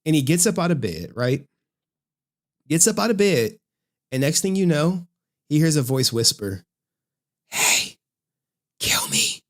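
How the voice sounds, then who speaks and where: A man streaming, casually recapping a film in an animated storytelling way and often checking in with "right?". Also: a little high, normal speed, long pauses. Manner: acts out quoted lines in shifting voices.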